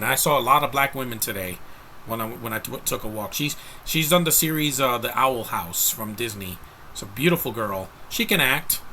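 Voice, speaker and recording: Bright-voiced man rambling through a review. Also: medium pitch, slight background noise. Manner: rambling, frank, with frequent restarts and asides to viewers. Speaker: movie reviewer. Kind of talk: casual spoken film review.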